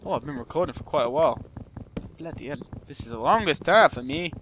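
A man's voice: a little high, animated, fast talker, a bit bright, a little hiss or hum. A young man talking through a game he is playing, chatty and self-mocking, humming and muttering to himself as he goes. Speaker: gaming YouTuber. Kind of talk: casual gameplay commentary. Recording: music playing behind.

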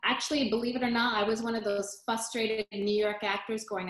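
A woman in casual interview chat, recounting her stage career with lively restarts. Her voice sits in a middle pitch. The room adds a noticeable echo. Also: a little fast, few pauses. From United States. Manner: animated storyteller, acts out quotes, restarts often. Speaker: guest, musical theater actress.

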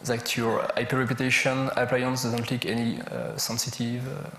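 Halting French-accented man presenting at a conference. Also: medium pitch, level tone, creaky, a bit bright. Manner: halting, searching for words, listing examples. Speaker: conference speaker. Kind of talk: technical conference talk. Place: large conference hall. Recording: echoey lecture hall with a faint hum.

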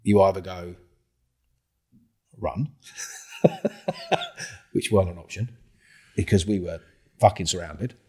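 A middle-aged man, a podcast guest telling a story in a casual, animated way, swearing freely and acting out the dialogue. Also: low-pitched, takes it slowly, pauses often, breathy edge.

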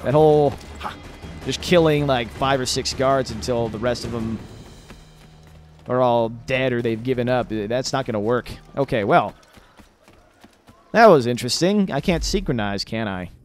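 Young male let's-player, chatty and loose, swears and yelps during fights, mid-pitched voice, faint game music underneath. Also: normal speed, long pauses. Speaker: gamer doing a let's play. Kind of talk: casual gameplay commentary. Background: game music and gunfire.

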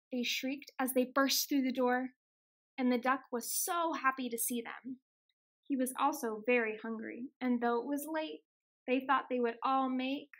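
A woman reads a children's picture book aloud in a gentle, expressive storytelling voice. Her pitch sits high. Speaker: extension outreach reader.

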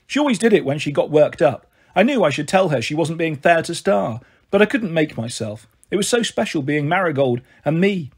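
A man with a husky voice reading a children's novel aloud in a steady first-person narration. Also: fairly high pitch, fairly quick, few pauses. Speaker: storyteller. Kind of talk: storybook reading.

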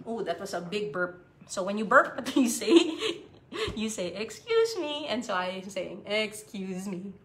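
A woman with a Filipino accent teaching young children a paper craft in a cheerful, slow, sing-song way. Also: mid-range voice, slight background noise. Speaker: preschool art teacher. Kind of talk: live-streamed craft lesson for children. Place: home on a live stream.

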